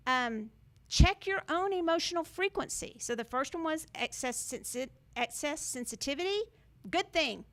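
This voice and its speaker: A woman's voice: high voice, fairly bright tone. A woman hosting a spiritual talk to camera, emphatic and sarcastic, slipping into mocking quotes. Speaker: spiritual video host.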